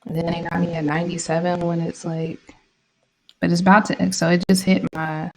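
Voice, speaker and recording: A woman's voice: fairly low pitch, little pitch movement, a little fast, darkish tone, rough recording. A woman vlogging her trades in casual live commentary, slangy and irritated, swearing often. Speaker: trading vlogger.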